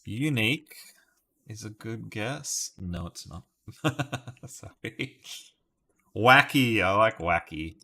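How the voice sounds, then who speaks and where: Laid-back Australian man, bright voice. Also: lowish voice, expressive, takes it slowly, vocal fry. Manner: playful, laughs often, muses through guesses aloud. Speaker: streamer solving word puzzles live. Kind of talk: casual live-stream chat with viewers.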